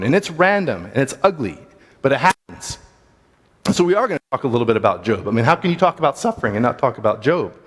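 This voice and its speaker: A man's voice: a little high, a bit bright. Casual man teaching a church class. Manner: casual, plain-spoken, thinking aloud. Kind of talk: conversational Bible class talk. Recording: long hall reverb.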